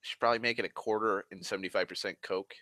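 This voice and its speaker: A man's voice: fairly low pitch, steady tone, fast talker, pushed and bright, no room sound. A man from Massachusetts rambling casually on a stream, profane and self-mocking, a little tipsy on whiskey. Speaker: livestream host.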